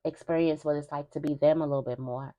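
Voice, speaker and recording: A woman's voice: low voice, fairly even intonation, fast talker, warm tone. A young woman giving a spiritual reading to her viewers in a casual, emphatic way, repeating phrases as she talks. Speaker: tarot reader.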